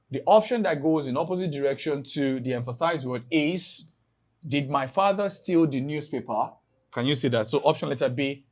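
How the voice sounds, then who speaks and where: Male teacher, emphatic and high. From Nigeria. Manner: drawn-out emphatic reading of example sentences; addresses class with rhetorical questions. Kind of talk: exam-prep English lesson.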